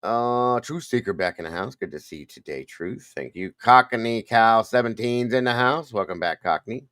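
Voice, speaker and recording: A man's voice: mid-range voice, normal speed, a bit bright, no echo. An older man hosting a casual livestream, rambling and greeting viewers one by one by name. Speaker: livestream host.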